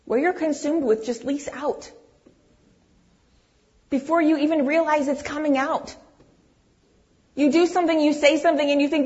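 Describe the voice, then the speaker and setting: A middle-aged woman telling a personal story in a sermon-style talk, animated and acting out her own lines. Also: high voice, moderate pace, pauses often. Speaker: pastor's wife speaking to a congregation. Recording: dull, muffled sound.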